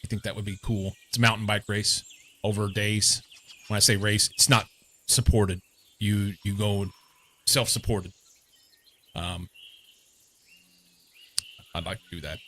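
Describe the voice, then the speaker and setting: Young male streamer from Missouri; crisp, bright tone, a touch low, meandering chatty delivery. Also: steady tone, measured pace, pauses often, a little hiss or hum. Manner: rambling, meandering, many fillers. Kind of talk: casual chat while playing a game.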